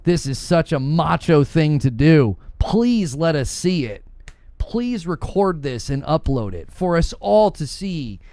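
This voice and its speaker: A man hosts a casual gaming live stream, reading out chat and riffing with frequent laughter. His voice is fairly high and very lively in pitch, and he talks at an unhurried pace. The sound is dry and close, with faint music behind. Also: no room sound. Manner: laughs often, riffs on jokes.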